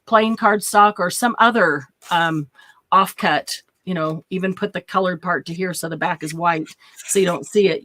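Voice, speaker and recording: A woman's voice: mid-range voice, a bit bright, dry recording. A woman hosting a casual craft tutorial. She chats, giggles often and thinks aloud while she demonstrates. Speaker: craft channel host.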